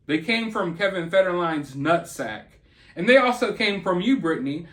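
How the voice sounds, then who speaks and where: A man's voice: high-pitched, expressive, normal speed, a bit bright. A man hosting his own channel, delivering celebrity gossip commentary in an indignant, sarcastic rant. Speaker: channel host.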